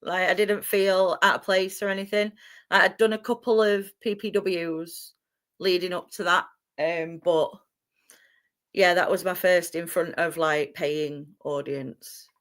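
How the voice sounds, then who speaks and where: Her voice lowish and unhurried, a young English woman who announces wrestling answers an interviewer's questions. She comes across as expressive and excitable, with frequent laughs.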